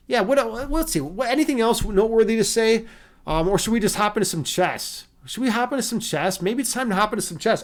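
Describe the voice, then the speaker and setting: A man streaming casually and talking with his chat in a loose, profane, rambling way. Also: high voice. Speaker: livestreamer and meditation teacher. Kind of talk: casual livestream chat reading viewer comments.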